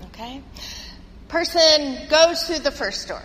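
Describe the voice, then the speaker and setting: A woman's voice: high-pitched, expressive, slow, fairly bright tone, big-room sound, a little hiss or hum, low-quality recording. A woman pastor preaching a sermon and leading prayer, telling a story with earnest, rhythmic phrasing in a church.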